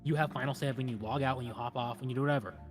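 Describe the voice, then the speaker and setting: Fast-talking man in rambling chat. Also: mid-range voice, steady tone, faint music behind. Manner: rambling, repeats words while thinking. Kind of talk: casual stream chat.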